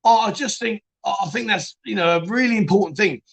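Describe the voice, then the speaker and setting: Casual stream host, man, high and bright, rambling and laughing as he reads comments. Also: lively intonation, fast talker, gravelly, husky. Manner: chatty, laughs often, trails off and restarts. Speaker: live chat show host reading viewer comments. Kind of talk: casual live-stream chat.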